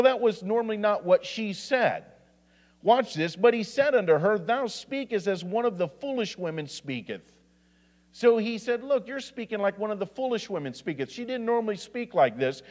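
A man with a high voice delivers a sermon as assistant pastor, reading scripture and stumbling into restarts and asides. He is recorded in a church sanctuary with a long reverb trailing his words. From Indiana.

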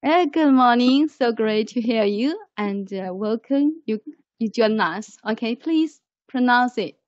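A woman teaches English over a muffled online call, her voice slightly high and her pace unhurried. She showers students with praise and patiently guides their pronunciation. The sound is dry and close. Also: animated, dry recording. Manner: lavish praise, slow and patient. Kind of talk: online language lesson.

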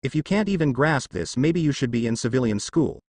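A man voicing a calm, cocky young ninja who talks in a dry, unbothered way. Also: medium pitch, fairly quick, dry recording, close to an everyday voice. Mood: bored, calm.

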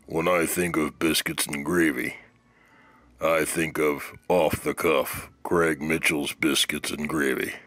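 A man doing an impression of a gruff old cowboy actor in a slow, deadpan drawl. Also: very deep voice, no echo, pitched below the performer's own voice, heavily acted. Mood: gravelly, solemn.

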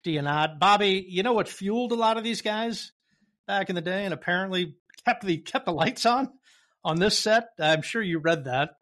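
A man's voice: high voice, moderate pace, a bit bright. A man co-hosting a movie podcast who rambles and asks the others questions in casual chat. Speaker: podcast co-host.

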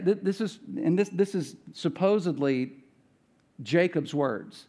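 A man's voice: a little high, expressive, a little slow, dark tone. A man preaching a sermon as pastor, talking in a conversational way and acting out the voices of biblical characters. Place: church.

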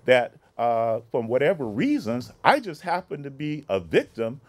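A man's voice: medium pitch, moderate pace. A man being interviewed, recounting events conversationally and acting out the dialogue he quotes. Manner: animated retelling, acts out quoted dialogue. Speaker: interview guest, former mayoral policy advisor.

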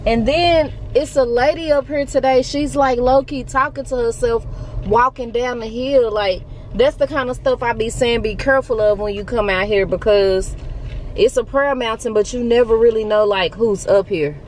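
A young woman vlogging casually, talking to viewers in an animated, slangy, joking way, first from a car and then outdoors on a hill. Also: on the high side, moderate pace, a little hiss or hum, low-quality recording.

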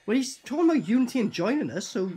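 Over music, a British man with a very high voice talks fast as he reacts casually to a horror film. As the reaction host, he's lively and profane, laughing often and quoting the film's lines back.

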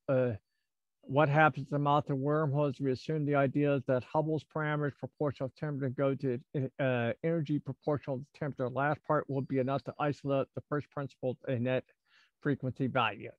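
Brief: man, conference speaker, hesitant delivery, higher voice, dry lo-fi call audio. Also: dry recording. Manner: halting, full of fillers and restarts. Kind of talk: academic talk over video call.

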